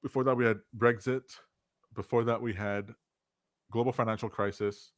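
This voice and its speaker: A man from Canada co-hosting a casual, jokey podcast chat, talking with excitable energy. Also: mid-range voice, moderate pace. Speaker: podcast co-host.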